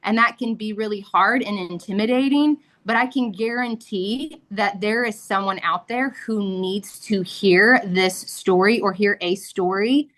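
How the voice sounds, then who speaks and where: A woman's voice: medium pitch, measured pace, few pauses, fairly bright tone. A woman in her thirties giving an earnest, emotional personal testimony as a mother, with frequent fillers. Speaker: guest sharing a testimony.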